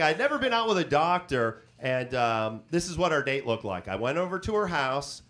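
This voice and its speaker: A man's voice: a little high, fairly bright tone, a little hiss or hum. A man hosting a stand-up comedy set on a club stage, telling self-mocking stories and chatting with the crowd through a handheld mic.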